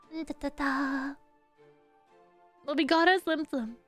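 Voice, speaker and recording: Young woman, high voice, playful game streamer, hums scat tunes, chats with viewers. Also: takes it slowly, pauses often, faint music behind. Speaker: VTuber streamer. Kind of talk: casual gameplay commentary.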